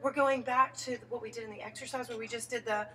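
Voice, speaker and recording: A woman's voice: fairly high pitch, fairly even intonation, fast talker. A woman teaching a singing lesson, coaching a student and singing phrases to show how they go. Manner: coaching, demonstrating sung phrases. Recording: distant mic with piano.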